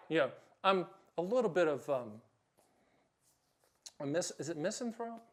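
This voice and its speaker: A middle-aged man with a notably high-pitched voice hosts a direct-to-camera explainer. He talks bluntly in short, punchy sentences and throws in sudden loud bursts of emphasis. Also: big pitch swings, a little slow, long pauses. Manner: acts out short quoted exchanges. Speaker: host.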